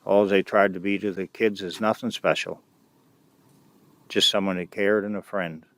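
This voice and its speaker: Low-voiced middle-aged man telling stories. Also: fairly even intonation, a bit bright. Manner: halting and unpolished, with many restarts and "anyway" asides. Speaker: youth mentor recounting experiences. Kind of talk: casual personal storytelling.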